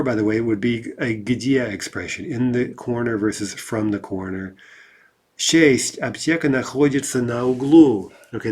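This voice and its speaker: A man's voice: medium pitch, darkish tone, breathy edge. A man teaching a language lesson in a casual, explanatory way, reading out numbered example sentences and checking in with frequent "right?".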